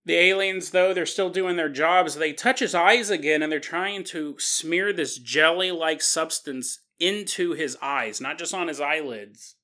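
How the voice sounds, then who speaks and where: A man hosting a podcast and telling a paranormal story in a lively, conversational way. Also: fairly high pitch, unhurried, few pauses. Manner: animated, conversational retelling. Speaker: podcast host.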